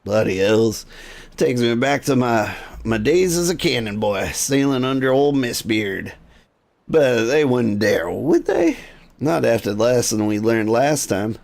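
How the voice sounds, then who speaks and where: A man's voice: medium pitch, lively intonation, a little slow, creaky, darkish tone. A man voicing a grizzled old former sailor who grumbles in salty, slang. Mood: gruff. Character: grizzled old male ex-sailor, gruff and superstitious.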